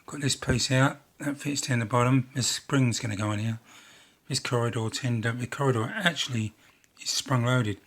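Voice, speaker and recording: Guy talking through a model build at his bench, middle-pitched voice, wanders off on jokey tangents. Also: normal speed, a bit bright. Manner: rambling, jokey asides, self-deprecating. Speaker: model railway builder and channel host. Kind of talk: casual workshop narration.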